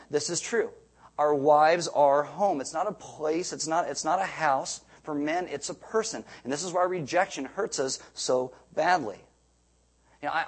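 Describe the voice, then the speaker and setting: A middle-aged pastor delivers a sermon in a relaxed, conversational way, often stopping to restart a phrase. His voice sits slightly high for a man and has a breathy, husky grain. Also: rough recording. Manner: conversational preaching with asides and restarts.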